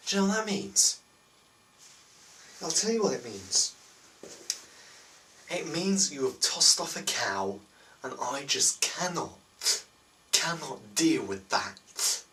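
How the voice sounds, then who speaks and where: A man's voice: a little high, sing-song, takes it slowly, pauses often, bright, forceful tone, far from the mic, slight background noise, full character voice, low-quality recording. A teenage boy voicing a snooty, posh male black market dealer, speaking in a prim, disdainful way.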